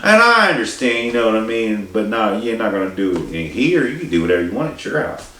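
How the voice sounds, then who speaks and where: A man's voice: fairly low pitch, sing-song, fast, bright, forceful tone. A man telling a story in a casual, rambling, profane way, with many restarts and asides. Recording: echoey room, distant mic, faint hiss.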